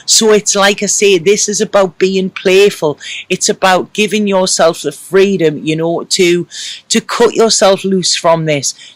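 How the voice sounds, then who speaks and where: A man's voice: sits high, no room sound. A man giving a casual, emotional tarot reading to camera, reassuring and rambling with many fillers. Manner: emotional and reassuring, full of "you know" fillers. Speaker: tarot reader.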